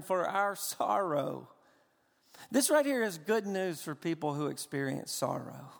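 A man preaching a sermon, moving from hushed storytelling to impassioned crying out. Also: a little high, expressive, unhurried, gravelly, long reverb tail. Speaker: pastor.

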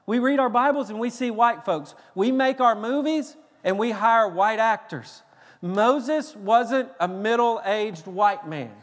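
High-voiced Tennessee preacher in a church hall. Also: male voice. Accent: Tennessee Southern. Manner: lively, joking, emphatic preaching with quick restarts. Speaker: pastor. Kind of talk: sermon. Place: large church sanctuary. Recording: long reverb of a large church hall.

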